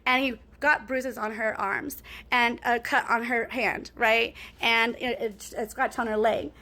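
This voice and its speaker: A woman's voice: on the high side, steady tone, unhurried, bright, forceful tone. A woman in a casual storytime monologue, rambling and cussing as she talks to her viewers and keeps asking "right?".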